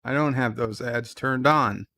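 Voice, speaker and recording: A man's voice: a little slow, bright, forceful tone. A man hosting a live stream, chatting casually and reading viewer comments aloud, with a slight New York accent and a dry, offhand manner. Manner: reads chat messages in a raised, livelier voice, then answers in a dry, low aside.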